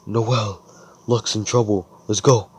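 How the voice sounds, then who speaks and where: A man's voice: lowish voice, steady tone, unhurried, breathy edge, voice pushed up. A man doing a brash, cursing young fighter. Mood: urgent. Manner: profane, blunt, confrontational.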